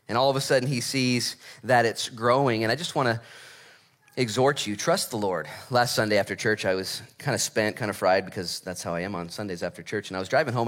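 A middle-aged man preaching a sermon as pastor, reading scripture and telling stories with lively acted voices. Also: mid-range voice. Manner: animated storytelling with acted voices.

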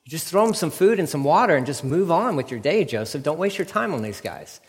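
A man's voice: a little high, big pitch swings, brisk, long reverb tail. A man preaching a casual, conversational sermon and acting out what people say in shifting voices. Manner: conversational, acts out quotes in varied voices. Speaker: pastor.

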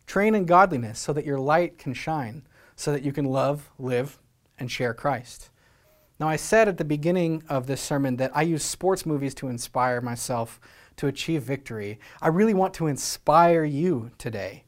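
A man's voice: on the high side, normal speed. A man from Scotland preaching a sermon as pastor, earnest and exhorting, with many rhetorical questions.

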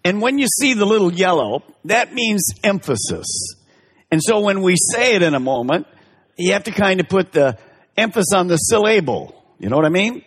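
Male pastor, sermon delivery, lively swooping pitch, long hall reverb. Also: breathy edge. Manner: emphatic, drawn-out stresses with big pitch swings.

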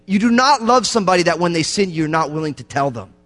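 A man preaching a sermon with passion, swinging between loud, emphatic lines and hushed, low ones. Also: lively intonation, fast, faint music behind. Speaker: pastor. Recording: long hall reverb.

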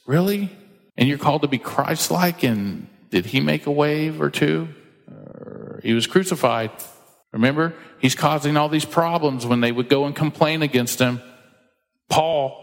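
A man's voice: mid-range voice, moderate pace. A man preaching a sermon as pastor, emphatic and conversational, acting out quoted voices as he teaches. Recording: long hall reverb.

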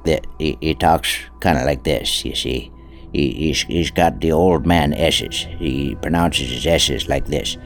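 A man putting on a very deep, rumbling old man who talks in a slow drawl, his S's coming out mushy and wet. Faint music plays underneath. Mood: mocking.

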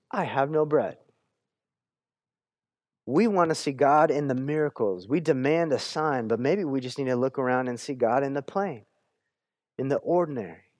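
A male pastor preaching a sermon in a conversational way, often restarting his words and giving the quoted scripture lively voices. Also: medium pitch, no echo, studio quality.

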